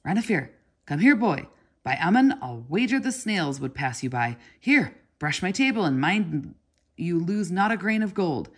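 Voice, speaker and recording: A woman barking as a gruff scowling craftsman. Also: lowish voice, very animated, moderate pace. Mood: scolding. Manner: loud, scolding, impatient.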